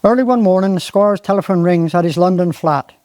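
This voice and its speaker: A performer with a Cornish accent tells a comic verse tale in a bouncing, sing-song rhythm. The voice is mid-pitched and even. It is recorded dry, with no reverb. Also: brisk. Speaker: dialect performer. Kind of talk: reciting comic dialect verse and jokes.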